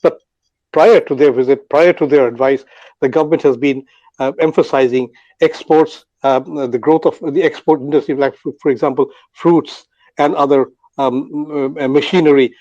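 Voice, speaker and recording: A man's voice: a little high, fairly even intonation, moderate pace, dark tone, no echo, lo-fi sound. An older man from Bangladesh speaking as a panel guest, talking off the cuff with many fillers and restarts. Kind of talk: unscripted commentary on an online audio panel.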